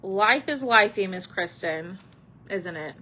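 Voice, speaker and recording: A woman's voice: medium pitch, expressive, slow, sharp tone, slight background noise. A woman hosting a live craft stream, chatting casually with viewers and answering their comments while she paints.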